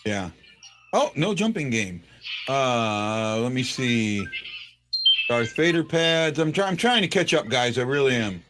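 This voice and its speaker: A man hosts a casual sports talk show and rambles along, full of fillers and self-corrections. His voice is bright and forward, with faint music playing underneath. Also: mid-range voice, sing-song, unhurried. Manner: rambling, lots of fillers and restarts. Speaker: podcast host.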